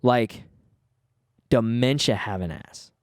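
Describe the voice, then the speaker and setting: A man alone at the mic on his podcast, fired up and cursing as he trips over his own restarts. His voice sits at an ordinary middle pitch. The sound is dry and close, with no room around it. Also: slow, no echo. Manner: fired-up, swearing, stumbling restarts. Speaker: podcast host. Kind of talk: casual solo podcast rant.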